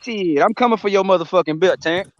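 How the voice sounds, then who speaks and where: A man's voice: sits high, fast, dull audio. A man in casual boxing banter, brash and goading with profane trash talk. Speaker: boxing podcast panelist. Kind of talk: heated casual debate.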